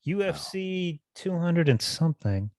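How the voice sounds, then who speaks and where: A man co-hosting a casual chat podcast, telling stories in an animated way and mimicking the people he talks about. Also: fairly high pitch, a little slow, no echo, studio quality. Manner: animated, imitates fighters mid-story. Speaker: podcast co-host. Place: Hawaii.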